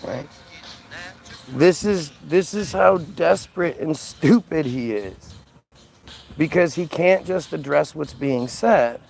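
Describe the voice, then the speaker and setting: A man's voice: fairly high pitch, lively intonation, slow, gravelly, a little mellow, soft background music, poor audio. A man hosting a livestream, talking casually in a sarcastic, mocking, profane way. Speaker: livestream host reading chat.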